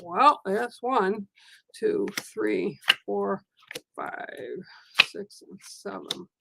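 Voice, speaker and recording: A woman giving a live oracle card reading, talking in a gentle, reassuring and rambling way. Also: medium pitch, lively intonation, drawn-out words, vocal fry, very noisy. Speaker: spiritual card reader.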